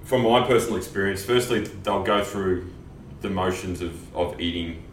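A man hosting a casual podcast conversation, rambling and halting, with casual swearing. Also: low-pitched, a little hiss or hum. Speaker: podcast host. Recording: roomy and distant from the mic.

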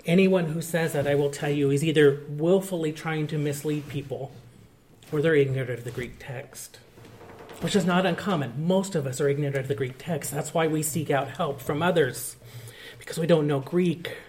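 Higher-voiced male pastor preaching. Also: normal speed, darkish tone, slight background noise. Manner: earnest, explanatory teaching. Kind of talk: sermon.

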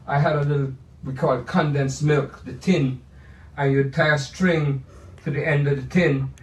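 An older man tells stories from his life in a playful, rambling way, often circling back on a word before landing it. His voice sits a bit high. He sounds set back from the mic in an echoey room. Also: distant mic. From Jamaica. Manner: playful, rambling storyteller with repeated restarts. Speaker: pianist. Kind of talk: reminiscing monologue.

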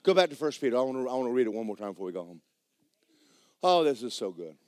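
A man preaching a sermon as pastor, swinging from shouted bursts to low, quiet lines and acting out dialogue. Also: sing-song, fast, no room sound. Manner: acts out dialogue in dramatized voices. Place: church sanctuary.

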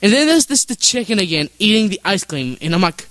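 A man's voice: high-pitched, very animated, brisk, a bit bright. A man on a casual podcast, telling a long story in a rambling way and giggling as he goes. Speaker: podcast co-host. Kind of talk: casual chat.

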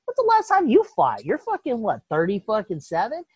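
A man's voice: high voice, huge pitch swings, fairly quick, slightly rough, no echo. A man in casual political chat, ranting with lots of swearing and mock voices. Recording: dull lo-fi dry sound.

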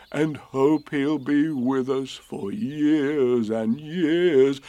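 A man's voice: mid-range voice, very slow, hardly any pauses, dark tone, no echo. A man reciting playful children's verse in call-and-response style. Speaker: reader.

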